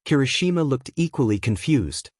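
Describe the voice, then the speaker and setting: A man reading fan fiction aloud as narrator, in a steady storytelling manner. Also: mid-range voice, moderate pace, dry recording, clean studio sound.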